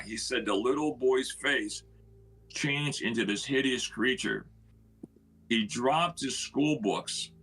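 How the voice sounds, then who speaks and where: A man's voice: mid-range voice, fairly bright tone, husky, rough recording. A middle-aged man, a homeowner, telling the history of his house in earnest, acting out the words of the people in it. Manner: earnest storyteller who acts out quoted speech. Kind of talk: storytelling on a live stream.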